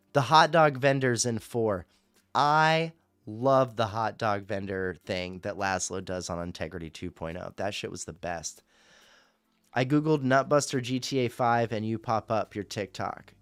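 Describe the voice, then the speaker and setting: A man's voice: mid-range voice, expressive, a little slow, fairly bright tone, clear, resonant tone, dry recording, studio quality. A man hosting a fan radio show, chatting casually on a livestream in a rambling, profane and jokey way.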